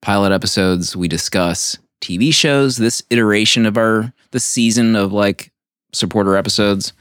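A man's voice: on the low side, moderate pace, a bit bright, clear, resonant tone, no room sound, studio quality. A man hosting a casual podcast chat, playful and teasing, often laughing. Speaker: podcast host.

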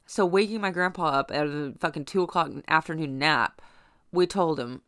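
A young woman with a lowish voice tells a personal story off the cuff. She is blunt and swears freely, rambling with plenty of fillers and restarts. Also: moderate pace, fairly bright tone, clean tone, no echo, clean studio sound.

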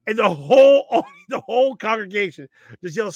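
A man co-hosting a podcast, telling a story in a lively way, laughing often and acting out what people said. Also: high voice, moderate pace, no room sound, clean studio sound. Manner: animated storyteller, laughs often, acts out quotes. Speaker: podcast co-host. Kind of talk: casual chat, storytelling.

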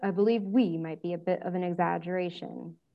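Woman reading a sardonic wizard guy, slow dry drawl, kinda lowish voice. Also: fairly even intonation, dull audio, close to an everyday voice. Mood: wry. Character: dry sardonic older male wizard, brooding.

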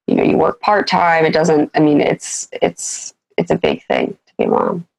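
Low, gravelly thirty-something woman, guest on a chat, halting and candid. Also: huge pitch swings, darkish tone, low-quality recording. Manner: candid, halting, many fillers and restarts. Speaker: guest, business founder. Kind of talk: casual interview chat.

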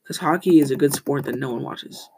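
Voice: medium pitch, a little fast, gravelly, background noise. A teenage student hosting a casual school podcast, rambling, often correcting themselves and telling corny jokes.

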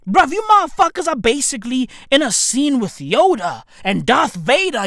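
A woman's voice: sits high, sing-song, normal speed, few pauses, fairly bright tone, no room sound. A woman delivering a rambling, profane comedic rant as a podcast host. She uses a lot of slang and keeps tossing in "right?" as she goes. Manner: slangy, calls listeners "bruv".

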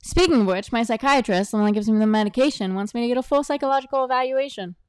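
A woman's voice: on the high side, very fast, clean tone, dry recording, clean studio sound. A young adult woman hosting a casual solo podcast, talking bluntly and jokingly and drifting closer to and farther from her mic. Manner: animated, blunt and jokey, moving around the mic. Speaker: podcast host. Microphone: desk microphone, voice drifting near and far.

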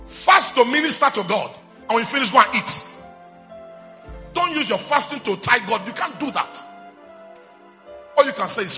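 Shouting high-voiced Nigerian bishop. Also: male voice, lively intonation, a little fast, soft background music. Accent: Nigerian English. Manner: shouting, call-and-response, repetitive. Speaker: bishop preaching. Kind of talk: charismatic sermon.

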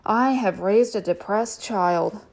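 A woman's voice: medium pitch, slow pace. Woman voicing Mary, a frazzled, exasperated mom. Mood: weary. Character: harried single mother, wry and weary.

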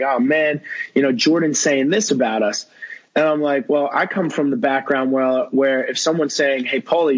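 A man's voice: medium pitch, husky, dull audio. A young man talking as a podcast guest, telling a long story in rambling casual chat full of fillers and quoted dialogue.

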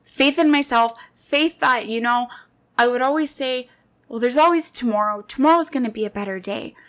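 A woman in her late twenties hosts her own podcast, speaking in a fairly high voice. She shares personal stories in an earnest, heartfelt monologue and addresses her listeners directly. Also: normal speed, fairly bright tone. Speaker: podcast host.

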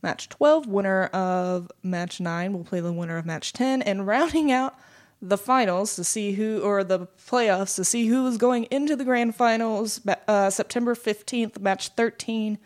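A woman's voice: mid-range voice, a little slow. A woman co-hosting a casual gaming podcast, reading out news and schedules with joking asides. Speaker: podcast co-host. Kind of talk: casual esports podcast chat.

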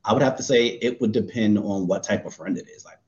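A man co-hosting a casual podcast chat, animated and often laughing as he acts out what he would say. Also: fairly low pitch, fast, lo-fi sound. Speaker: co-host.

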